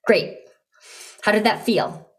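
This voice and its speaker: A woman coaching a client in conversation, encouraging and animated, acting out eager invitations to make her point. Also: medium pitch, slow pace, husky. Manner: encouraging, animated, role-plays enthusiastic invitations. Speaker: business coach hosting a coaching session.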